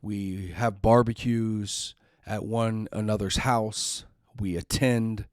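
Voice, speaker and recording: A man's voice: fairly low pitch, fairly even intonation, takes it slowly, few pauses, smooth, no room sound, studio quality. A middle-aged man hosting a podcast, telling a personal story in an earnest, emotional way and sometimes repeating words when upset. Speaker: podcast host.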